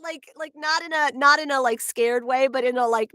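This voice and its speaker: A woman's voice: high-pitched, normal speed, hardly any pauses, fairly bright tone, no room sound, studio quality. A voice actress with a New Jersey accent chatting casually with viewers on her livestream, bubbly and full of laughs and "like"s. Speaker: voice actor hosting a signing stream.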